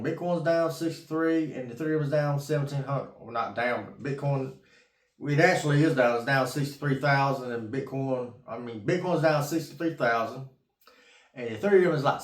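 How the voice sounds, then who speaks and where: In an echoey room, a middle-aged investing vlogger speaks at normal speed and medium pitch, giving a rambling, folksy monologue to camera. He repeats himself, swears casually, and is tired from getting up at 3 a.m.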